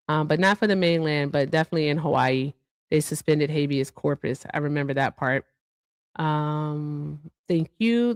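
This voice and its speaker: This livestream co-host is a woman whose low-pitched voice sounds clear and resonant, with no echo. She keeps things casual, reading viewer thank-yous and tossing in asides as she goes.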